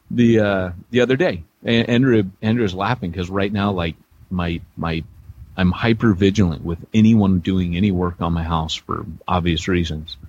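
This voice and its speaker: A man's voice: on the low side, darkish tone, husky, lo-fi sound. A middle-aged man co-hosting a podcast, telling rambling, self-deprecating stories with many restarts in a casual chat. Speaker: podcast co-host, church planter.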